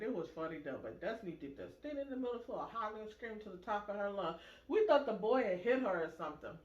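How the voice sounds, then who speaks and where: A woman hosting a casual chat, telling stories with animated acted-out quotes. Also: mid-range voice, fast talker, hardly any pauses. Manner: animated storyteller, acts out quoted voices. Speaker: vlog host. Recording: echoey room, muffled sound.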